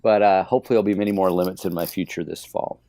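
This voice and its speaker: A relaxed man hosts a hunting podcast and tells stories with a joking ease. His voice is mellow and warm, in a dry, close room. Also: deep voice, very fast, no echo. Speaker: podcast host. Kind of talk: casual hunting podcast chat.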